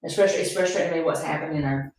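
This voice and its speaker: A woman's voice: deep voice, racing, darkish tone. A middle-aged woman from Appalachian North Carolina hosting a podcast, talking earnestly and repeating herself for emphasis. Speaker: podcast host. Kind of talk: emotional casual conversation. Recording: echoey room, far from the mic.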